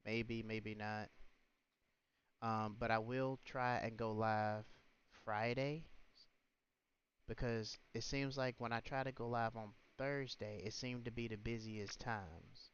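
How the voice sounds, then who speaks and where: Male livestream host, mid pitch, smooth voice; indignant rant; dull lo-fi sound. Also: steady tone, takes it slowly. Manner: indignant, rhetorical, scolding. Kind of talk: ranting livestream commentary. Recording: muffled, lo-fi stream audio.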